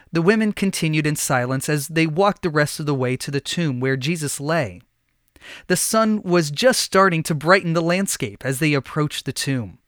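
A man narrating a Bible story in an expressive, scripted storytelling style. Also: fairly high pitch, normal speed, no echo, clean studio sound.

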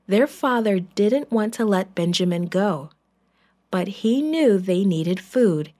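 A woman narrating a Bible story in a measured, clear scripted reading. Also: mid-range voice, expressive, mellow.

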